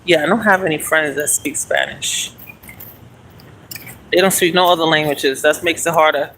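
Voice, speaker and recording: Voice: medium pitch, moderate pace, bright, forceful tone, slight background noise, low-quality recording. A speaker in their forties, rambling casually on a live stream while walking and exercising outdoors, talking into a handheld phone. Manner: chatty and meandering, talks while walking and exercising. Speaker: livestreamer.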